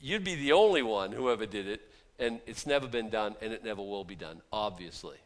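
A middle-aged man gives a casual, folksy sermon to a small group. He talks conversationally, slipping into quiet asides before building to loud, emphatic bursts. He often repeats words and restarts his sentences. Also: fairly low pitch, expressive, a little fast. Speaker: preacher.

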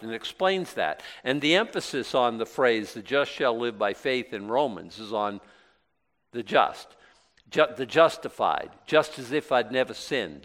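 A man delivers a sermon in a relaxed, conversational way. He asks questions and answers them himself, often breaking into emphatic bursts before dropping back to a softer tone. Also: mid-range voice. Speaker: pastor.

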